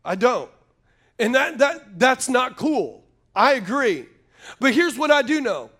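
A man's voice: very high-pitched, very animated, takes it slowly, a bit bright, slightly rough. A man preaching a sermon, telling folksy stories and calling out to the congregation. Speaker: pastor.

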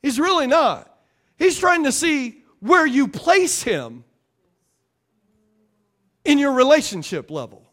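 A man's voice: very high voice, sing-song, takes it slowly, long pauses, fairly bright tone. A man preaching a sermon with call-and-response, playful asides and repeated phrases for emphasis. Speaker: pastor.

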